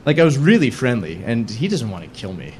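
A man's voice: mid-range voice, fairly quick, slight background noise. A young man from the United States telling a story on stage before a live audience, joking and mocking himself. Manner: animated, joking, self-mocking.

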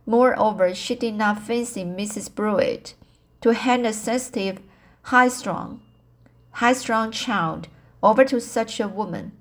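A woman reading a novel aloud for an amateur audiobook. She reads slowly and haltingly, repeating and restarting words as she goes, in an unpolished narration. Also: medium pitch.

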